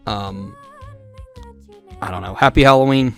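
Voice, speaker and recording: A man's voice: on the low side, measured pace, a bit bright, soft background music. A man hosting a casual podcast who tells rambling, profane stories with many restarts. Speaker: podcast host.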